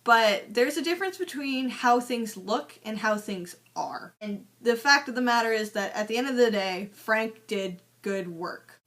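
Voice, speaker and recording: A woman's voice: a little high, sharp tone. A young woman recapping a film in a chatty, sarcastic way, peppered with "like" and swearing. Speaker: movie reviewer. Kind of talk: casual movie recap vlog.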